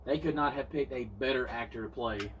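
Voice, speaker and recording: A man's voice: mid-range voice, a little fast, a bit bright. A man from South Carolina with a Southern accent, a guest chatting casually and drawling easily about pipes and films. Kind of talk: casual chat. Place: front porch, outdoors. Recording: distant mic with faint outdoor noise.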